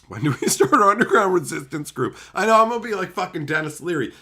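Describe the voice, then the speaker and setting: A man's voice: high-pitched, lively intonation, quick pace, few pauses, bright, forceful tone. A man streaming to his chat, ranting casually and sarcastically with plenty of swearing, and mocking others by putting on their voices. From Canada. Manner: profane, sarcastic, mocks others in put-on voices.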